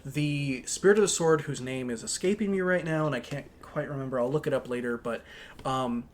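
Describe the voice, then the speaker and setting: Talking a little fast in a mid-range voice, this man co-hosts a podcast in a casual, rambling chat full of fillers and restarts. There's a bit of hiss or hum in the recording.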